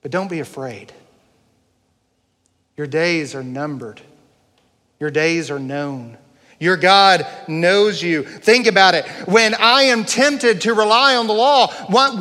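Pastor guy preaching, high voice, big echoey hall, earnest questions. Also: sharp tone. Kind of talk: sermon.

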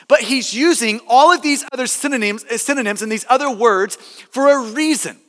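A man's voice: very high voice, fairly quick, fairly bright tone, long reverb tail. A male pastor preaching a sermon, earnest and emphatic, often restarting and repeating words for stress.

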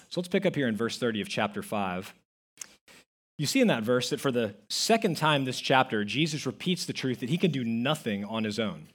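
Speaking with a mid-range voice that has a breathy edge, a man preaches as pastor. His sermon is emphatic, with stories, quotes he acts out, and stress on the key words.

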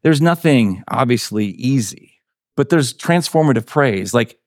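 A man's voice: mid-range voice, expressive, measured pace, no echo, studio quality. A male pastor giving a sermon in an earnest, conversational way.

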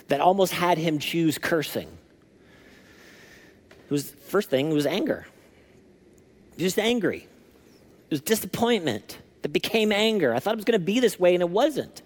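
A man preaching a sermon as lead pastor, telling a story in a lively, animated way. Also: a little high. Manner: animated storytelling, acting out scripture.

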